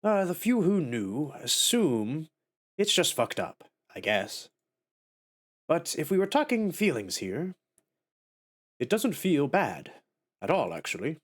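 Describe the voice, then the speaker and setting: A man's voice: fairly high pitch, big pitch swings, takes it slowly, pauses often, exaggerated voice. A man voicing a young male witch fused with a monster, reading the game dialogue aloud in a wry, self-mocking, matter-of-fact way.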